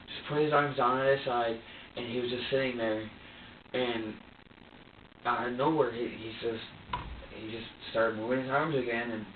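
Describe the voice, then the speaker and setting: A man being questioned by police in an interview room, talking in halting bursts with stumbling restarts and repeats. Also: medium pitch, steady tone. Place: sheriff's office interview room. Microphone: distant room recorder. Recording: tinny, echoey room audio from far off, faint hiss.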